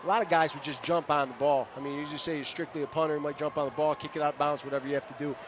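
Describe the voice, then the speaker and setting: A man's voice: fairly high pitch, steady tone, racing. A man, a former linebacker, giving color commentary who explains plays like a coach. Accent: Michigan. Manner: coaching-minded, explains plays, tags lines with "right?". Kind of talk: live football color commentary. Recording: broadcast booth with stadium noise.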